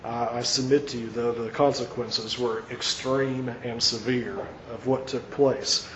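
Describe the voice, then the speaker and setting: A man's voice: mid-range voice, fairly even intonation, fairly bright tone, echoey room. Male pastor, earnest emphatic sermon; dull church recording with faint hiss. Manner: earnest, emphatic, pauses mid-phrase and restarts.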